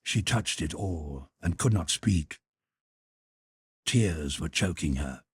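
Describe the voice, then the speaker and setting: Male audiobook narrator, low and husky, dry close mic. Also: animated, slow pace, no room sound. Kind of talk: scripted narration.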